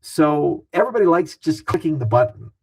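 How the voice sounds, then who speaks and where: A man speaking as an interview guest, talking fast and animated in a casual, profane way. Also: fairly high pitch, husky, poor audio.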